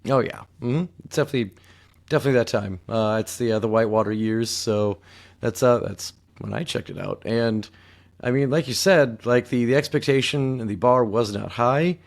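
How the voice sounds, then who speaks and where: Casting: 30s male podcast co-host, gravelly mid voice, dry wisecracks. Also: medium pitch, moderate pace. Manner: dry joking asides. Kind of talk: casual movie review chat.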